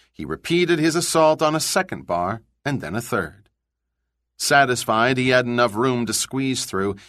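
A man's voice: medium pitch, fairly bright tone, no echo. Man narrating a thriller, dry sound. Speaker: audiobook narrator. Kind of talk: scripted narration.

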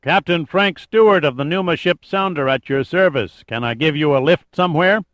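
A man's voice: a little high, normal speed, a bit bright, no echo, voice pushed up, natural voice. A man voicing a jaunty, joking male ship captain calling over the radio. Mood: breezy. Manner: breezy, joking radio talk.

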